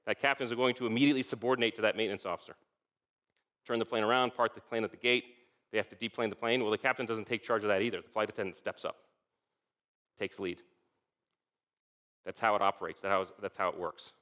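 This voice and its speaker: A man's voice: lowish voice, fairly even intonation, fast talker, a bit bright. A middle-aged man giving a conference leadership talk in a conversational way, often asking "okay?" and "right?" to check in with the audience. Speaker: keynote speaker.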